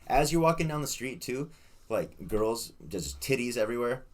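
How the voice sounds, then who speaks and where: A man's voice: mid-range voice, big pitch swings, moderate pace. A young man in casual podcast chat, telling a rowdy story with swearing and laughter. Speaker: guest. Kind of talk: casual storytelling among friends.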